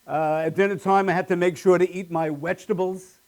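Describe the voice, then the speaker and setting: A man's voice: sits high, steady tone, fairly quick, darkish tone. A man doing a live stand-up routine with wry, self-deprecating punchlines on a small comedy stage.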